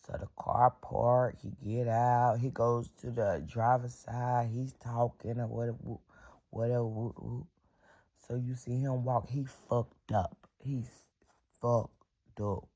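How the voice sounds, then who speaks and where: A woman's voice: extremely low pitch, steady tone, a little slow, dark tone, muffled recording. A middle-aged woman telling a casual storytime vlog story, blunt and full of profanity and sound-effect words.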